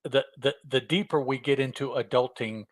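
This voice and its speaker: A man's voice: medium pitch, moderate pace, no room sound. A middle-aged man co-hosting a podcast, chatting in an easygoing, reflective way. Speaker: podcast co-host. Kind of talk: casual chat.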